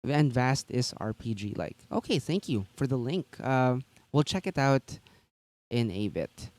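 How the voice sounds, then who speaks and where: A man's voice: medium pitch, big pitch swings, a little slow, a little mellow, no echo. A man co-hosting a tabletop gaming news stream, chatting casually and rambling with lots of fillers and restarts.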